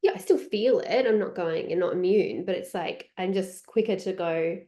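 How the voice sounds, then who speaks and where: A woman's voice: mid-range voice, normal speed, mellow. A woman talking as a podcast guest, chatty and reflective, often quoting her own thoughts. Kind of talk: conversational podcast interview.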